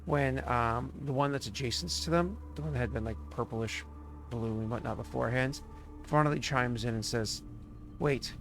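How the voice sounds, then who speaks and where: A man's voice: mid-range voice, normal speed, vocal fry, soft background music. A man narrating as game master, rambling and filled with ums and uhs.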